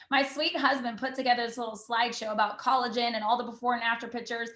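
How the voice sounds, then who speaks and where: Bubbly high-voiced woman, echoey sound. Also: fairly bright tone. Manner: bubbly, fast, full of fillers like "you know" and "literally". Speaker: team call guest speaker. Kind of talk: enthusiastic motivational talk.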